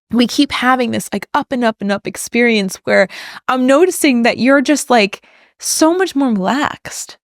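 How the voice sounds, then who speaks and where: A woman's voice: a little high, no echo, clean studio sound. A woman co-hosting a podcast, telling a personal story in a casual, effusive and heartfelt way. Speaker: podcast co-host.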